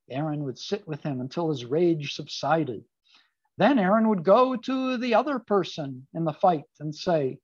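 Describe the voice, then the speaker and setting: Preacher for a relaxed Torah talk, chatty with wry asides, mid-pitched, muffled and dry recording. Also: moderate pace, breathy edge, no echo. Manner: conversational, with casual asides and fillers. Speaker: speaker giving a Torah talk. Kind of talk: informal sermon on a Jewish text.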